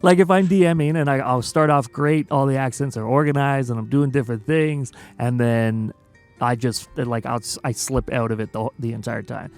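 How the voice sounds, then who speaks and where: Male host for a casual stream chat. Gravelly mid-pitched voice, animated and quick to laugh, with faint music in the background. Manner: animated storyteller, laughs often. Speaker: interview host.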